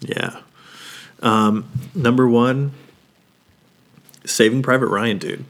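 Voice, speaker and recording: A man's voice: medium pitch, slow pace. A man in his thirties, a podcast co-host, chatting casually, swearing often and getting emotional about films. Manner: swears a lot, gets emotional about movies. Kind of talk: casual chat.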